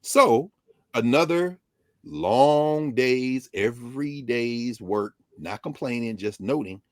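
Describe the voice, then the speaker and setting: A man speaking as a guest scholar on a talk show, telling stories in an animated way, acting out quoted exchanges and scattering "you know" through his speech. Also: medium pitch, takes it slowly, no echo. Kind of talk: animated talk-radio commentary.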